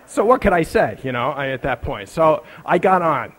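A man's voice: a little high, big pitch swings, moderate pace, fairly bright tone. A male preacher telling a personal story in a conversational sermon, building up to emphatic, rising lines.

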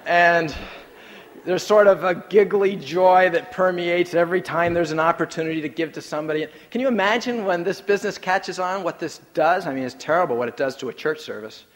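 A man preaching a sermon with an animated, storytelling delivery, dropping soft and low for asides, then lifting up with emphasis. His voice sits a bit high for a man. The sound carries the long reverb of a church sanctuary. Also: fairly quick. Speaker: pastor.

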